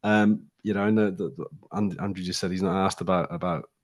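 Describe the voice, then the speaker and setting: Man, low-pitched, podcast co-host, animated storyteller, acts out quotes. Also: a little fast. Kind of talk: casual storytelling chat.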